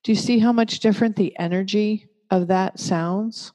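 Woman, parenting teacher, gentle and measured, warm low voice, reverberant. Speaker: parenting educator. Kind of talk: calm teaching talk. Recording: long reverb.

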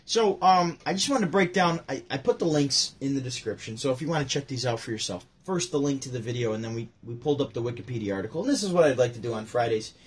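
Husky man telling stories casually. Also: mid-range voice, fast talker, hardly any pauses. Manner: rambling, animated storytelling with restarts. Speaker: host. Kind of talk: casual chat.

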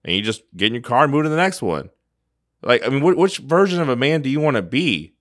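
A man with a mid-pitched voice speaks earnestly, pressing listeners with rhetorical questions in a motivational podcast talk. The sound is dry and close, with no room sound. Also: big pitch swings, quick pace, fairly bright tone, no echo. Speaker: podcast co-host.

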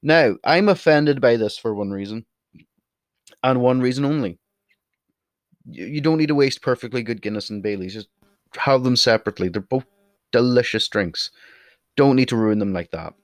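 A man's voice: medium pitch, expressive, moderate pace, long pauses, no room sound, studio quality. A young Irish man with an Irish accent, speaking casually to camera with blunt, opinionated remarks and free swearing. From Ireland. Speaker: video creator.

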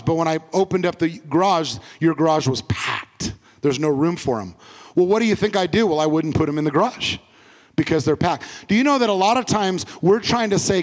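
A man's voice: a little high, expressive, moderate pace, big-room sound. A male pastor preaching a sermon, repeating key phrases and asking the congregation to say words back with him.

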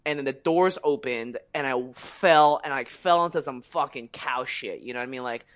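A young man co-hosting a podcast, telling a story in casual chat, animated, swearing freely and acting out the people he quotes. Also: medium pitch, normal speed. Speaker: podcast co-host.

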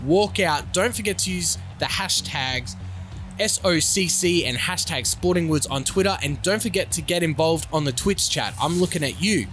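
A man's voice: a little high, normal speed, a bit bright, faint music behind. Man calling a cricket match. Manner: announcer cadence, reading out lineups and sponsors. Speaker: play-by-play commentator. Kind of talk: mock sports commentary for simulated cricket.

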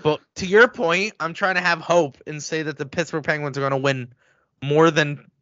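A man co-hosting a casual sports podcast, excitable and quick to get heated as he rants. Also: on the high side, no echo, muffled recording. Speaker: podcast co-host.

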